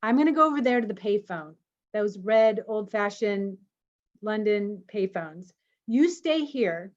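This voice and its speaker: A woman co-hosting an online meeting, telling a personal story in an animated way and laughing as she goes. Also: medium pitch, a little slow. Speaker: co-host of an online community meeting. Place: home, on a video call. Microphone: video call. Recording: slightly dull video call audio.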